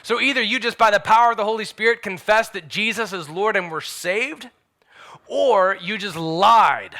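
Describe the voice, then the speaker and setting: A man preaching a sermon as pastor, emphatic, swinging between loud declarations and hushed asides. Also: high-pitched, normal speed.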